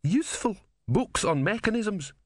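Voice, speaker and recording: A man voicing an eccentric, cheerful old male philosopher with a high, lively, chuckling voice. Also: measured pace, dry recording, studio quality. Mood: indignant.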